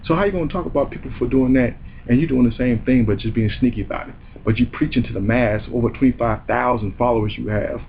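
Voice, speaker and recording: A man's voice: mid-range voice, phone-quality sound, a little hiss or hum. A man hosting a comedy show, delivering a heated, profane and mocking rant. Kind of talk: ranting comedic commentary.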